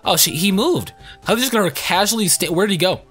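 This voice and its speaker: A young man commenting on his own game playthrough, excitable, crude and joking. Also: sits high, fast talker, slightly rough, soft background music. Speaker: gaming YouTuber. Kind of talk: let's play commentary.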